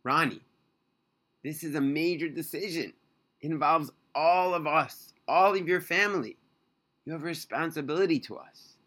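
A man's voice: on the high side, normal speed, fairly bright tone. A man doing a firm, forbidding young wife.

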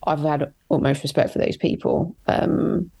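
Low-voiced woman, candid guest. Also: steady tone, gravelly, mellow, husky. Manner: candid, emphatic, quick to agree. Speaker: guest, construction engineer. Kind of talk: casual podcast chat.

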